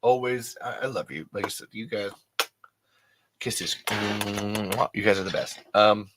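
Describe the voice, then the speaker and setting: A man's voice: fairly low pitch, fairly even intonation, slow pace, heavy background noise. A man hosting a podcast, rambling and affectionate as he chats with listeners. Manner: rambling, affectionate, swears, restarts. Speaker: podcast host. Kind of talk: casual chat reading comments.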